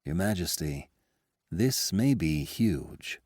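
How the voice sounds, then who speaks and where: A man doing a grave, quiet royal advisor. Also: low voice, very animated, normal speed, no room sound, clean studio sound. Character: male royal advisor, adult, calm and grave.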